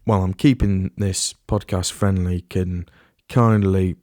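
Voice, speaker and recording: A man's voice: fairly low pitch, measured pace, a little mellow, no echo, clean studio sound. A man hosting a solo podcast in a casual, rambling way, often restarting and trailing off into asides. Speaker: podcast host.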